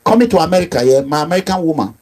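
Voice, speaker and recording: A middle-aged man with a Nigerian accent, delivering an impassioned monologue as an activist leader, emphatic and repetitive, with low asides and raised outbursts. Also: expressive, rapid-fire, a little mellow.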